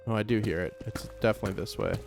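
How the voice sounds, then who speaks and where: A young man casually commenting on his own gameplay in a chatty, joking way, quick to get startled and to repeat himself. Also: lowish voice, fairly even intonation, creaky, music in the background. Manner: chatty, jokey, easily startled, repeats phrases. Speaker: let's play gamer.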